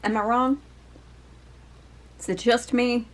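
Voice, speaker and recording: A woman's voice: a little high, steady tone, slow pace, rough recording. Chatty, rambling woman reading tarot. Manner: rambling, digressive, peppered with fillers and swearing. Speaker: tarot reader.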